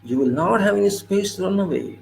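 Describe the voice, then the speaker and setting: A man's voice: high voice, expressive, a little fast, gravelly, a little hiss or hum, low-quality recording. A man giving an impassioned political monologue, indignant and lecturing, repeating his points over and over. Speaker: political commentator.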